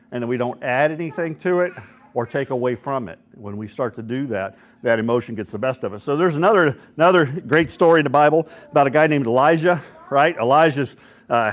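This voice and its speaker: Man pastor, middle-aged, casual devotional talk, keeps asking "right?", muffled lo-fi recording. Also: medium pitch. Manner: conversational, often checks in with listeners; retells stories with quoted voices. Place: church hall at a men's breakfast. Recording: dull lo-fi recording.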